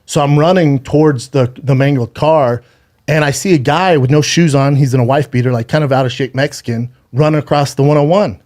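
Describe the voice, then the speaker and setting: A man's voice: fairly high pitch, darkish tone. A man in his thirties telling a harrowing personal story on a podcast, swearing often, stumbling and repeating words, holding back tears. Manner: profane, halting, restarts and repeats words.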